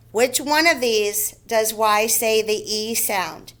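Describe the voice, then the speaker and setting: A woman teaching young children to read, speaking at a slow, deliberate pace. Her voice sits fairly high, and she repeats each word and sounds out its syllables with care. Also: a bit bright, low-quality recording. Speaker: first grade teacher. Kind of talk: phonics lesson for young children.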